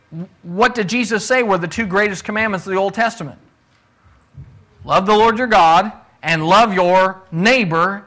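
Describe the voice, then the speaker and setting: A man delivers a sermon in a high-pitched voice, teaching conversationally and stopping often to ask his listeners questions. His tone is bright and forceful, and he leans hard on each point he wants to stress. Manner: repeats words when restarting, emphatic. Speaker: preacher.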